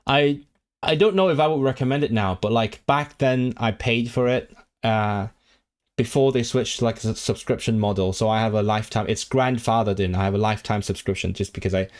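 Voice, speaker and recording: A man's voice: fairly low pitch, brisk. A man hosting a casual language-learning livestream. He rambles and restarts often, reads viewers' chat messages aloud, and talks eagerly about languages. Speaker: language streamer.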